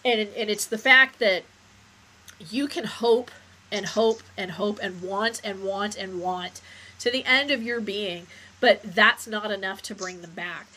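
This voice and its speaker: Bright-toned woman chatting on a podcast, thinks out loud, lots of restarts. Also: medium pitch, measured pace, rough recording. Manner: reflective, trailing off and restarting. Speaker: podcast co-host. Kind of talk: casual chat.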